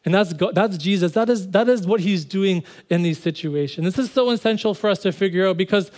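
A man's voice: high voice, a little fast, a little mellow. A man preaching a sermon in an earnest way, repeating phrases for emphasis and now and then speeding up. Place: church service.

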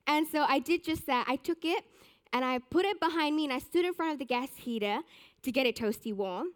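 A young woman giving a sermon, telling a personal story with animated, self-mocking humor. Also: high voice, brisk. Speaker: church speaker.

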